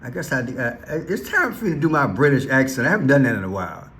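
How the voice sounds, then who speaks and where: A man's voice: medium pitch, big pitch swings, fast talker, a bit bright, a little hiss or hum. A man giving casual, teasing commentary on news clips, with playful asides. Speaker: commentary vlogger.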